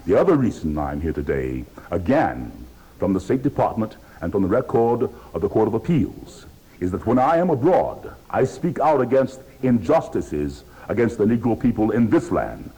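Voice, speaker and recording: A man in his fifties testifying at a hearing, defiant and oratorical, speaking with booming force. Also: big pitch swings, moderate pace, mellow, breathy edge, poor audio. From United States. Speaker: witness at a hearing.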